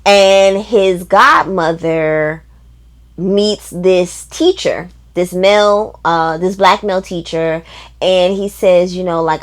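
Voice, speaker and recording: Slow-talking chatty woman book vlogger. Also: mid-range voice. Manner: chatty, emphatic, many fillers; reads quotes in a voice, laughs often. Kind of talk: casual book review chat.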